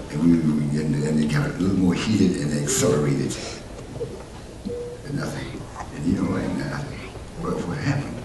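A man preaching a sermon as pastor, swinging between loud exhortation and low, conversational asides. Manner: animated preaching, rising to loud exhortation then dropping low. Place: church sanctuary. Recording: echoey church heard from a distance with noise.

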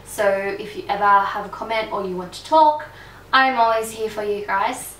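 A young woman speaks candidly in a relaxed vlog chat, swearing now and then. She sits a little away from the mic, so the room echoes around her voice. A faint hum of household ambience sits underneath. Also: medium pitch, normal speed, distant mic. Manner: candid, chatty, swears freely. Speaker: beauty vlogger. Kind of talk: casual to-camera chat.

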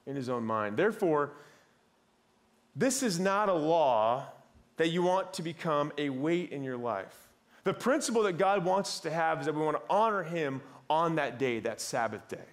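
Man, 30s, pastor preaching, slightly high voice, conversational, stumbling repeats. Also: lively intonation, normal speed. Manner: conversational preaching with repeated words and shifting loudness. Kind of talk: sermon. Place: church.

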